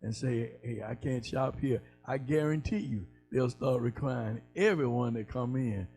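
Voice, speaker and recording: A man's voice: mid-range voice, moderate pace, gravelly, dark tone. Laid-back male co-host, folksy, mid-range voice, faint music behind. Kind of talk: casual talk-show chat.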